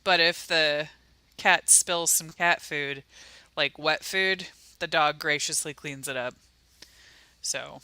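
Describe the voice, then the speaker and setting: A woman's voice: low voice, slow, pauses often, pushed and bright, dry recording. A woman hosting a casual livestream, chatting and talking sweetly to her pets. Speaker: livestream host.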